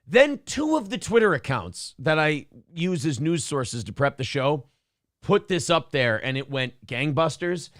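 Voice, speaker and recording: A man with a high, lively voice co-hosts a podcast and tells stories with sarcastic flair. His pitch swings widely as he mocks the people he quotes. The recording is dry and close, with no room sound. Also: unhurried, dry recording. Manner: sarcastic, animated storytelling with mocking voices. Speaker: podcast co-host. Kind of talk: casual chat.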